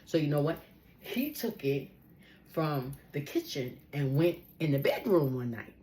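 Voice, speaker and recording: A woman telling a personal story in a casual, animated way, acting out the people she quotes. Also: low voice, a little slow.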